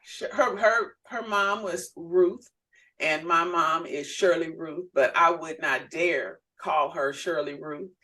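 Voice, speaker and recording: A woman minister talks in a relaxed, unhurried way with a bright, forward tone. She tells family stories in casual chat and lifts into animated voices when she quotes people. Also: low-pitched. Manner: animated storyteller who acts out quoted voices. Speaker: minister and podcast co-host.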